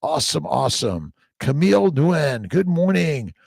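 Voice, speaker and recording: A middle-aged man hosting a casual live-stream chat, reading viewer comments aloud in an upbeat, exclamatory way that swings between loud bursts and low murmurs. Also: big pitch swings, measured pace, creaky, husky, dry recording, clean studio sound.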